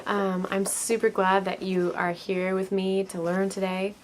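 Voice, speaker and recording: A woman leads a children's art class at a very slow, patient pace. She talks gently and encouragingly to her young viewers. A faint background hiss sits under her voice. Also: mid-range voice, level tone. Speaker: art teacher.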